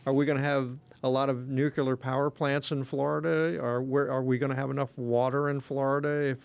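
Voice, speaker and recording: A man co-hosting a podcast as political analyst, earnest and measured, with fillers. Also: medium pitch, flat delivery, vocal fry, clean tone, no room sound. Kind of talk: casual podcast chat.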